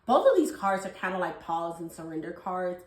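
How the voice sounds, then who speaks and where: Young female tarot reader, quick and affectionate delivery, roomy echo. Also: on the low side, sing-song. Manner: fast, gushing and affectionate, calls viewers babies and honey. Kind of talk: casual tarot reading to camera.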